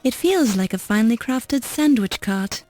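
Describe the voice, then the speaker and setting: A woman's voice: on the high side, lively intonation, normal speed, mellow, faint music behind, lightly acted. A woman voicing a wry game narrator, reading dry, matter-of-fact descriptions in scripted narration.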